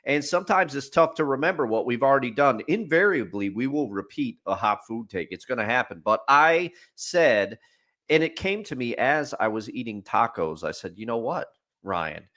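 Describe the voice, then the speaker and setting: Lively-voiced male podcast co-host. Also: mid-range voice, moderate pace. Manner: easygoing and jokey. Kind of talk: casual podcast chat.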